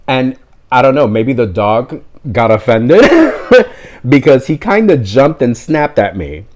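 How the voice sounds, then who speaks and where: A man's voice: mid-range voice, animated, measured pace, a little mellow. A man telling a story in a casual vlog, rambling and breaking off into tangents he apologizes for. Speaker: vlogger.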